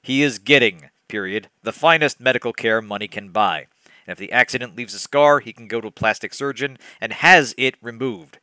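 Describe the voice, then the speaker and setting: A man voicing a bragging, haughty rich society woman with a deadpan reading of stiff lines. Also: medium pitch, fairly quick, no room sound, close to an everyday voice.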